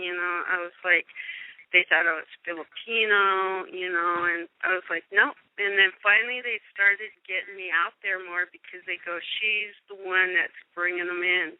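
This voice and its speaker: A woman actress telling stories in a casual interview, animated, acting out quotes and laughing often. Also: on the low side, normal speed, no room sound, phone-quality sound. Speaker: guest actress.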